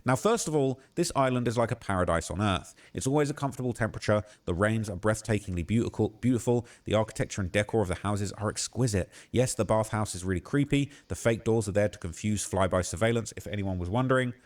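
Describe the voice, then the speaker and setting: Male streamer with a low voice, reading a post aloud at a steady pace, prone to shocked outbursts. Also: quick pace, hardly any pauses. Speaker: livestream host.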